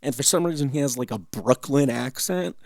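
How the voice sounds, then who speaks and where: Canadian male host, gravelly and mid-pitched, swearing through loose reaction chat at a dry home desk mic. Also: fairly quick, darkish tone, dry recording. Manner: rambling, profane, laughing asides. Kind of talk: casual reaction commentary.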